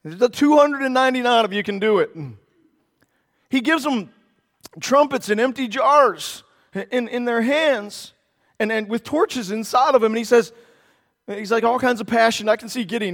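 A man preaching a sermon, animated, acting out the characters of the story in their own voices. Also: extremely high pitch, normal speed, big-room sound. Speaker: pastor.

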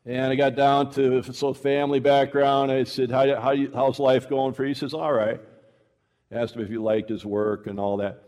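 Animated man preaching in reverberant hall. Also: medium pitch, normal speed. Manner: animated, acts out dialogue, shifts pace often. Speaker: preacher teaching evangelism. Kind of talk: sermon with storytelling.

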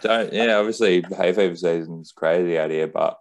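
Deep-voiced laid-back Australian man. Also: normal speed. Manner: laid-back, rambling, many fillers. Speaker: podcast co-host. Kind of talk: casual chat.

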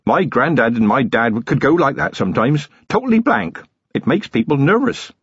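Reading a novel aloud, a man voices an earnest village constable, eager, deferential and boyish, saying "sir" a lot. His mid-range voice is pushed up and heavily acted, with big pitch swings, a breathy edge and a moderate pace. The audiobook recording is dull and lo-fi, with no echo.

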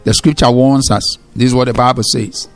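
A man preaching a sermon as pastor. He repeats key phrases for emphasis and slows down when he reads scripture. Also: medium pitch, fairly even intonation, faint music behind.

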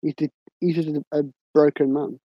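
A man's voice: a little high, flat delivery, moderate pace, no room sound, muffled recording. A man co-hosting a casual film review, agreeing and adding short, sweary reactions. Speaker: podcast co-host.

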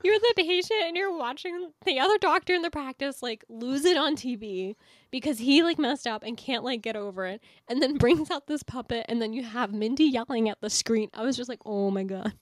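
A woman's voice: sits high, animated, a little fast, no echo, clean studio sound. A woman co-hosting a podcast, chatting casually about a TV episode, laughing often and saying "like" a lot. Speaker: podcast co-host. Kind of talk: casual TV episode recap chat.

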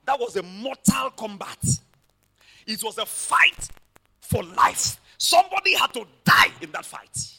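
A man preaching a sermon, telling stories dramatically and rising to shouted peaks. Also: very high-pitched, big pitch swings, a little slow, gravelly, breathy edge.

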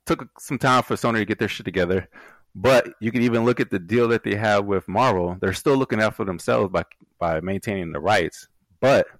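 A man's voice: low-pitched, no room sound. A man co-hosting a podcast in casual chat, with laid-back slangy banter. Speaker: podcast co-host.

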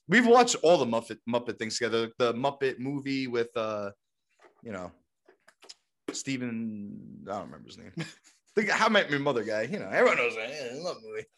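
A man's voice: medium pitch, fairly bright tone. A young man co-hosting a podcast in casual chat, rambling and full of fillers like "like" and "you know". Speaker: podcast co-host.

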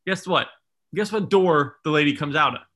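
Man, casual storyteller, lively quoted voices, bright and forceful tone. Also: a little high, moderate pace. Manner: animated, self-mocking storyteller acting out quotes.

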